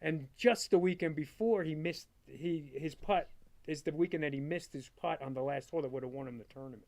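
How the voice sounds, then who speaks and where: A middle-aged man, a father, telling a story as a guest in a casual interview, animated and full of "like" fillers, acting out what he said. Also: fairly high pitch, creaky. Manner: animated, quick storyteller, full of "like" fillers, acts out his own past lines. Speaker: guest, father of a disc golf player.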